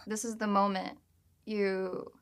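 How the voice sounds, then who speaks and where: A woman's voice: medium pitch, little pitch movement, slow pace. A young adult woman, a singer-songwriter, talking casually about her song and filling her sentences with "like". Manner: chatty, leans on "like" as filler.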